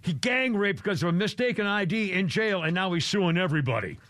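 A man's voice: high voice, animated, quick pace, a bit bright, dry recording, clean studio sound. A man hosting a radio show in casual chat, rambling and restarting his sentences.

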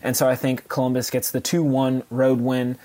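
A man's voice: mid-range voice, flat delivery, normal speed, mellow. Man co-hosting a podcast, hedging. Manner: hedging, lots of "um" and "you know". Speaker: podcast co-host. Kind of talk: casual sports podcast chat.

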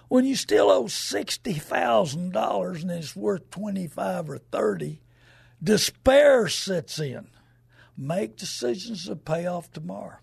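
Radio host guy, kinda high voice, husky and raspy, rambles on folksy and emphatic, dry close mic. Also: animated, unhurried, a little mellow, no room sound. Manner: rambling, emphatic, acts out quoted people. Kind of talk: folksy radio talk monologue.

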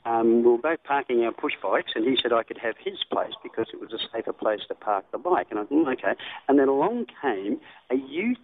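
Aussie guy calling into radio, rambly with lots of ums, mid pitch, thin phone sound. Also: lively intonation, fairly quick. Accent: Australian. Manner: rambling, many ums and restarts. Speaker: caller to a radio show. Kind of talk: casual phone call. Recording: tinny phone line.

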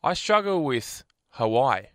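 Lively bright-voiced radio co-host man. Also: mid-range voice, measured pace, no echo, studio quality. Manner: playful, joking, lively. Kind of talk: casual radio chat.

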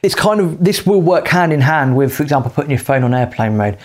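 A man co-hosting a podcast, giving emphatic advice in casual chat with quick bursts of speech. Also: on the high side, expressive, a little mellow. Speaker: podcast co-host.

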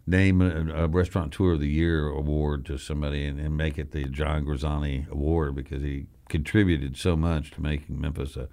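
An older man with a very low voice hosts a radio talk show from the studio. He rambles through folksy stories with jokey asides, relaxed and conversational. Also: normal speed, hardly any pauses. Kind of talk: casual studio chat.

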